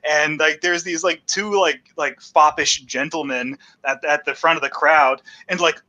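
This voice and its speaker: A man co-hosting a stream, chatting casually and telling animated stories. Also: fairly high pitch, unhurried, highs cut off. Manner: animated storyteller, swears freely. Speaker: stream co-host. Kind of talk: casual chat about old movies.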